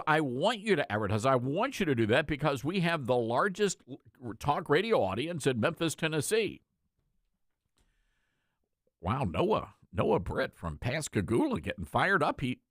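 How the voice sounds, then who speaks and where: A man's voice: fairly high pitch, fairly bright tone, no room sound, clean studio sound. A man hosting an opinionated talk radio monologue, joking and folksy as he addresses his listeners. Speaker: talk radio host and station owner.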